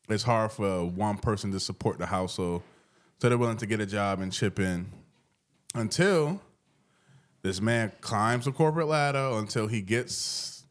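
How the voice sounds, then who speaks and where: A man co-hosting a podcast in a casual, conversational way, telling stories and using slang. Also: on the low side. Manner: relaxed conversational, storytelling with slang. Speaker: podcast co-host. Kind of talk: casual chat.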